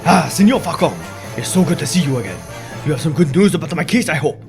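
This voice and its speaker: A man voicing a smooth, scheming male bird prisoner who poses as a prince, theatrical with a put-on foreign lilt. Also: fairly high pitch, expressive, fast, music in the background. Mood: suave.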